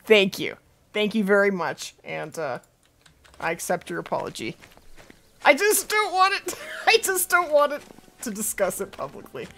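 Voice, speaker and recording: A woman's voice: medium pitch, very animated, moderate pace, pauses often, a bit bright, a little hiss or hum. A woman chatting casually with her viewers while streaming a game from home, talking to her cat and laughing easily. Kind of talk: casual live-stream chat over gameplay.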